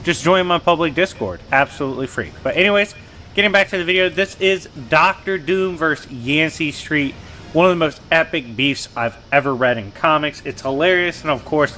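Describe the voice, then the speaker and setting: Male host recapping comics in loose slang, bright edgy tone, a touch higher pitched. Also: a little fast, slight background noise. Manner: slangy, animated retelling of dialogue. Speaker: comic book channel host.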